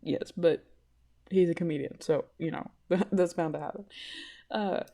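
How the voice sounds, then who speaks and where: A woman hosting a casual solo podcast, rambling and giggly, often bursting with excitement. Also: lowish voice, unhurried, gravelly. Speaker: podcast host.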